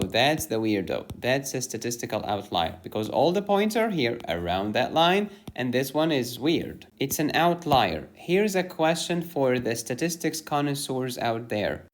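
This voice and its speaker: A man teaching a statistics lesson, explaining while drawing graphs, with playful asides. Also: mid-range voice. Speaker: medical educator. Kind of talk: lecture over drawn slides.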